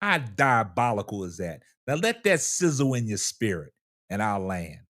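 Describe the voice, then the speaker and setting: A man's voice: fairly low pitch, sing-song, fairly bright tone. A man co-hosting a casual panel talk, speaking with incredulous, dramatic emphasis. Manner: incredulous, dramatic emphasis, slow deliberate delivery. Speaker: co-host.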